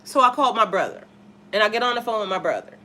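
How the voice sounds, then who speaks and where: Woman, livestream storyteller, candid, swears freely, bright edgy voice. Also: medium pitch, lively intonation, fast. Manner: candid and profane, talks to chat viewers. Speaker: spiritual life coach livestreamer.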